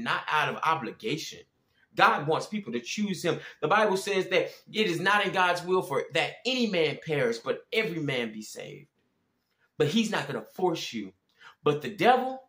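A man preaching with passion, pleading with listeners and rising to shouts. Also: a little high, big pitch swings, moderate pace, roomy sound. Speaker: Christian preacher. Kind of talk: impassioned preaching.

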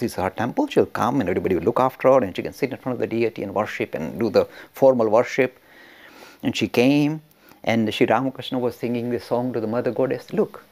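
A male teacher tells a story with animated energy, often laughing and restarting his sentences. His pitch swings widely. The voice has a gravelly, husky texture. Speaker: religious studies teacher. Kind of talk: storytelling lecture.

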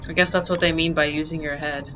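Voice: mid-range voice, flat delivery, fast talker, pushed and bright, a little hiss or hum. A gamer giving casual gameplay commentary, exclaiming often and getting easily frustrated while laughing at their own mistakes. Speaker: let's play gamer.

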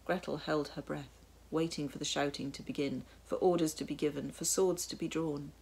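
A woman narrating a storybook tale in a measured, wry way. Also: sits low, fairly even intonation, creaky, darkish tone, husky. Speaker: audiobook narrator.

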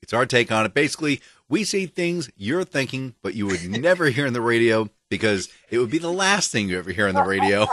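A man's voice: mid-range voice, sing-song, a little fast, hardly any pauses, fairly bright tone. A man co-hosting a podcast in casual chat, joking and laughing often. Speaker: podcast co-host.

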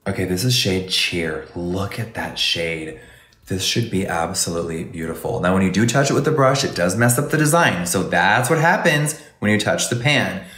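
A man's voice: low-pitched, expressive, moderate pace, fairly bright tone, reverberant. A man doing a casual live makeup review, gushing and exclamatory and calling viewers baby and honey. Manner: gushing, exclamatory, campy endearments. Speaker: makeup livestreamer.

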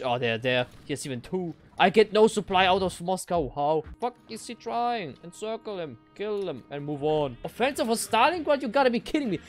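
A young man talks through his strategy game, his voice sitting a little high. He swears freely and jumps from quiet grumbling to loud outbursts. Faint music plays behind him. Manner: excitable, swearing, swings from mutters to shouts. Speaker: gaming streamer. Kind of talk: live strategy game commentary.

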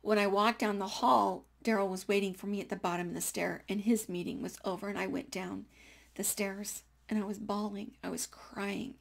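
A woman in her sixties telling a personal faith story in a chatty, animated way, dropping into whispers at hushed moments. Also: mid-range voice, fairly quick, vocal fry. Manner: chatty with frequent fillers and small laughs.

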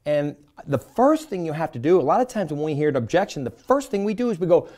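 A man's voice: a little high, sing-song, quick pace, dark tone. A middle-aged man coaching a sales team on handling objections, talking energetically and acting out customer and rep lines. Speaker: sales trainer.

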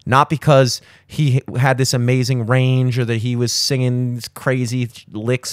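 A man in his thirties rambles through strong opinions, swearing freely and jumping up in pitch when worked up. His voice sits mid-range for a man. The studio sound is dry and close. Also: measured pace, few pauses, dry recording. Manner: profane, opinionated rambling with animated jumps in pitch. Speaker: podcast host. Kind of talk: casual chat.

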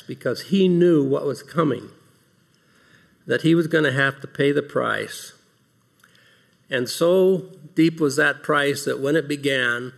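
A man with a creaky, mid-range voice starts off an earnest devotional talk to a large audience, posing rhetorical questions and reading scripture passages out loud.

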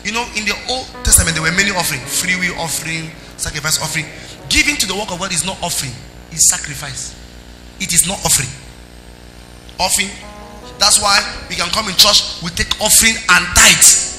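A man preaching a sermon as pastor, emphatic, with sing-song rises and sudden soft drops. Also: high voice, brisk. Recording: echoey hall with music underneath.

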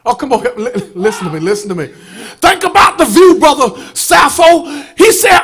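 A man preaching a fiery sermon as pastor, calling out to the congregation and chanting his lines. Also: very high voice. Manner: shouting, chanting, call-and-response with congregation. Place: church sanctuary.

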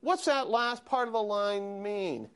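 A man lecturing a university history class, animated and questioning his students. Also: sits high, unhurried, clean tone. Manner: animated, asks students questions, frequent "okay?". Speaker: history professor.

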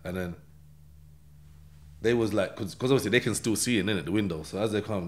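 Podcast guest, London accent, low-pitched man, lively storyteller who plays every part himself. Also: quick pace. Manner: animated retelling with acted-out dialogue and swearing. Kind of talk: casual interview storytelling.

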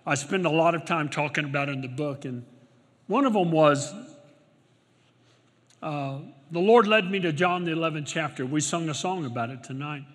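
A middle-aged male pastor preaching a sermon, swinging from loud exclamations to quiet storytelling, recorded in a large church auditorium. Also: on the high side, moderate pace. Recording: long hall reverb.

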